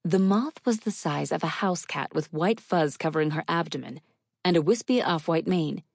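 A woman narrating a first-person novel in a measured, wry storytelling manner. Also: sits low, expressive, vocal fry, darkish tone, no echo, clean studio sound. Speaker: audiobook narrator.

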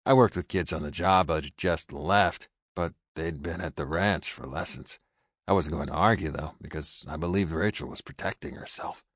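Very deep-voiced male audiobook narrator. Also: moderate pace, dry recording, clean studio sound. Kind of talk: first-person scripted narration.

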